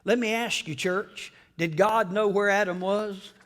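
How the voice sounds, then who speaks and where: A man preaching a sermon in a high, bright voice, taking his time over each phrase. He calls out to the congregation for responses. His delivery moves from quiet, hushed stretches up to ringing peaks. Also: steady tone, a little slow. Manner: call-and-response preaching, swells from hushed to shouting. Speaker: pastor.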